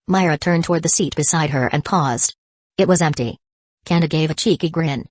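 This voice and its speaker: A woman narrating a fantasy audiobook in an even, measured reading. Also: low voice, no room sound. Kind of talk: scripted narration.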